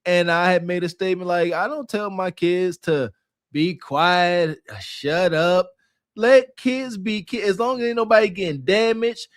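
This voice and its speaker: A male podcast co-host agrees with his partner and drifts into reflective stories of his own. His voice is notably high and sounds dry and close. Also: dry recording. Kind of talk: reaction commentary and storytelling.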